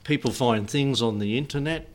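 A man's voice: mid-range voice, moderate pace. A middle-aged man preaching as a pastor in an informal, digressive way, chuckling often between his points. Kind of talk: informal sermon.

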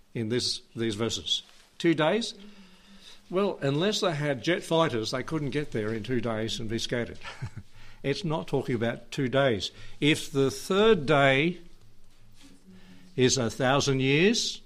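A man pastor preaching a sermon, chatty and questioning, reading scripture slowly with emphasis and laughing now and then. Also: mid-range voice, a bit bright. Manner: conversational preaching, asks the congregation questions, chuckles often.

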